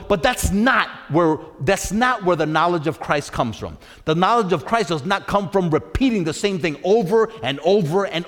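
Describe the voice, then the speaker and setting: A man's voice: high voice, in a large hall. A man preaching a sermon, emphatic and repetitive, who keeps checking in with "right?". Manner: emphatic, repeats phrases and keeps asking "right?".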